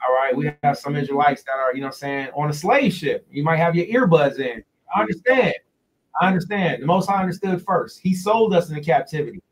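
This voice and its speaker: Man, casual livestream religious teaching, chatty, repeats words slowly, slightly high voice, phone mic, distant and muffled. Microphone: phone directly in front of him.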